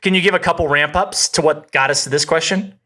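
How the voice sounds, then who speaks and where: A man's voice: fairly high pitch, quick pace, pushed and bright. A man co-hosting a comedy podcast, chatting casually and joking, often restarting and trailing off mid-sentence. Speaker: podcast co-host. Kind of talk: casual chat.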